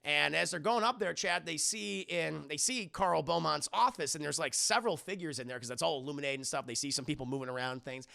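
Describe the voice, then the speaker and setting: Gravelly, rambling male streamer. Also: a little high, brisk, hardly any pauses, bright, forceful tone. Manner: rambling, profane, addresses chat. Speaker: streamer reviewing a movie. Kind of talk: casual movie recap to live chat.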